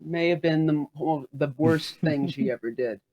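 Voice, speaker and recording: A woman's voice: sits low, measured pace, dark tone, muffled recording. A woman co-hosting, chatting casually and hesitantly with dry humor. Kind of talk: casual chat.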